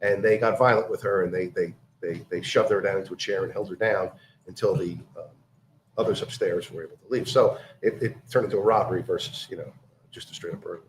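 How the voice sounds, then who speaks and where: A man telling a story in casual chat, halting with many fillers and restarts. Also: low-pitched, fairly even intonation, echoey room, a little hiss or hum.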